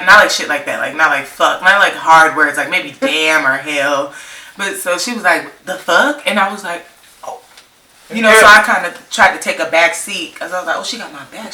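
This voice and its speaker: Young female vlogger from California, laughing storyteller, slightly low voice in a roomy space. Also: sharp tone, far from the mic. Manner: slangy, rambling, laughs often. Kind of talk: casual storytime chat. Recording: roomy, off-mic, faint noise.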